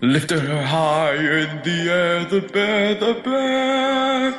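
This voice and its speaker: A man's voice: sits high, drawn-out words, fairly bright tone, reverberant, full character voice. A man voicing a court fool who sings a bawdy rhyming song, with music underneath. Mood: singsong. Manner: sung rhyming verse.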